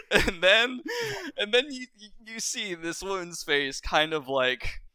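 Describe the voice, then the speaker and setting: A man narrating a tabletop game as game master, animated and often laughing. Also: high-pitched, unhurried, smooth, no room sound.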